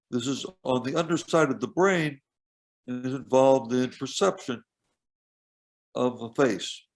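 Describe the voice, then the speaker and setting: A man with a gravelly, slightly creaky voice talks through a lecture over a video call. His delivery is measured and explanatory, with pauses as he points out details on slides. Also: medium pitch. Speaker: professor giving a lecture.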